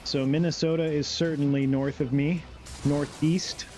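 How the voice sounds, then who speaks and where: A man's voice: fairly high pitch, level tone, unhurried, darkish tone. A man streaming a game live, chatting casually in a laid-back, rambling way and reading chat aloud.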